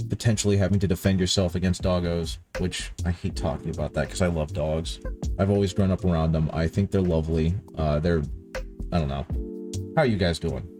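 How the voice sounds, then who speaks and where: A man chatting casually with stream viewers while painting, rambling and correcting himself, sounding tired. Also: low voice. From countryside upbringing. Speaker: livestream host painting miniatures.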